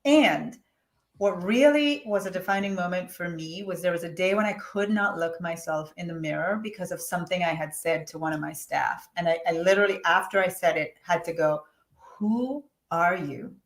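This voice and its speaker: Woman guest, middle-aged, candid and animated, echoey room. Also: fairly low pitch, fairly quick. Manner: candid and animated, acts out her own past words. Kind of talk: emotional personal storytelling. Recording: roomy echo.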